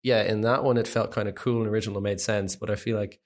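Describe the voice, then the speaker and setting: A man's voice: on the low side, fairly even intonation, fast talker. A man co-hosting a film podcast, talking loosely with lots of "like" and swearing. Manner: loose, swearing, filler-heavy. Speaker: podcast co-host. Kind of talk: casual film chat.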